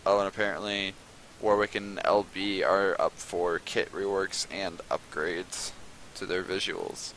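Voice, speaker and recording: A man hosting casual commentary on a video game match, chatting and rambling in a relaxed way. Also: low voice, unhurried, a little hiss or hum, low-quality recording. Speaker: esports caster.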